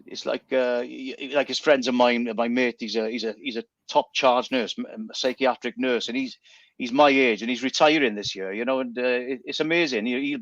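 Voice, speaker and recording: A man's voice: medium pitch, steady tone, a little fast, fairly bright tone, dry recording, muffled recording. A middle-aged man, a guest entertainer chatting on the radio, telling stories animatedly and stumbling over repeated words. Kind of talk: casual radio chat.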